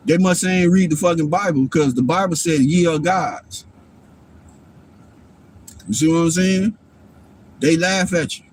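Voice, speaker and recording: A man's voice: sits high, a little hiss or hum. A man, a father, talking in a rambling, profane and preachy way on his livestream, often asking if you follow him. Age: adult father. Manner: profane, preachy, keeps asking "you know what I'm saying". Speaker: livestream host. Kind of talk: rambling casual monologue.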